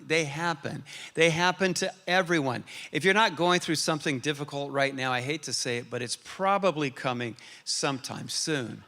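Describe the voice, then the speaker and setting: Bright-voiced male pastor in a hall. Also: a little high. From Arizona, USA. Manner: humorous, then earnest and quiet. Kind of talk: sermon. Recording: reverberant hall.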